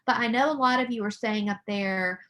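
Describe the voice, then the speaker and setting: A woman's voice: a little high, brisk, bright, forceful tone. A young adult woman, a mental health counselor, giving an earnest, conversational conference presentation with frequent fillers and restarts over a video call.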